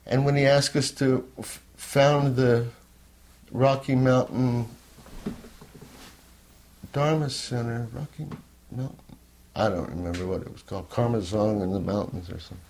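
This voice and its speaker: An older man telling a personal story in a candid, rambling way, at times sinking to a soft near-whisper. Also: mid-range voice, fairly even intonation, unhurried, pauses often, slight background noise. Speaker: interviewee.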